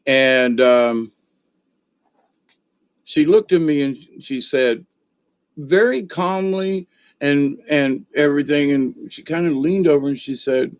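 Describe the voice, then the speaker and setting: A man's voice: a little high, expressive, slow, pauses often, highs cut off. A man giving a casual spiritual talk, telling stories in a rambling, folksy way with blunt, coarse language. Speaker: spiritual teacher. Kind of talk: casual spoken teaching.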